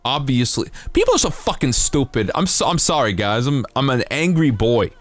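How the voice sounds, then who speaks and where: A man's voice: mid-range voice, big pitch swings, moderate pace, faint music behind. A young man streaming a game, chatting casually in rambling, profane, self-mocking rants. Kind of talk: casual live-stream chat while gaming.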